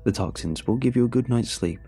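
A man voicing a calm, persuasive male leader of a sinister cult, speaking in a smooth, coaxing way. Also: mid-range voice, fast, faint music behind. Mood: calmly menacing.

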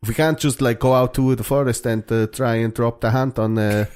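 A man's voice: medium pitch, steady tone, moderate pace, darkish tone, clear, resonant tone, close to an everyday voice. A man voicing a complaining teenage boy in a put-on Finnish accent. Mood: whining. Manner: whiny, complaining.

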